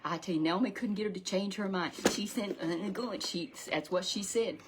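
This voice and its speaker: A woman's voice: medium pitch, normal speed. A woman telling a Sunday Bible story to a puppet, rambling and repeating herself with many restarts.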